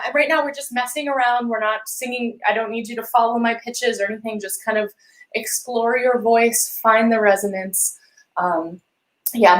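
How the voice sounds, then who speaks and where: A woman vocal coach leading a live-streamed warm-up lesson, encouraging and gently guiding listeners through sung exercises. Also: fairly high pitch, normal speed, poor audio. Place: home room with a piano.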